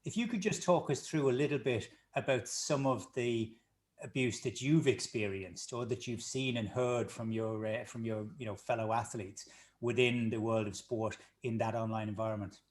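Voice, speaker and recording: A man hosts a sports interview, steady and measured in how he frames each question. His voice sits at an ordinary middle pitch for a man. He talks in full, considered sentences with the odd restart. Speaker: host.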